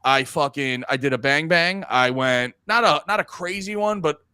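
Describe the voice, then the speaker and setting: A man's voice: a little high, normal speed, smooth, no room sound, clean studio sound. A man in his thirties co-hosting a casual podcast, rambling and swearing freely, often restarting his sentences. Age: 30s. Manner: rambling, animated, swears a lot, stammers on restarts. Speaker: podcast co-host. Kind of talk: casual chat.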